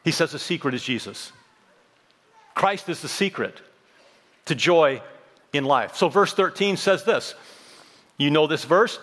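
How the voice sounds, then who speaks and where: A man's voice: fairly high pitch, expressive, unhurried, pauses often, a bit bright, long reverb tail. A man in his fifties preaching a sermon, emphatic, repeating phrases and throwing in humorous asides. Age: 50s. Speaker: pastor.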